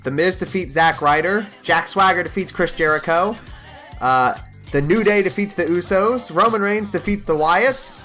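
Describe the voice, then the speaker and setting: A man giving mock play-by-play wrestling commentary over gameplay, excitable like a hype announcer. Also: high-pitched, moderate pace, faint music behind.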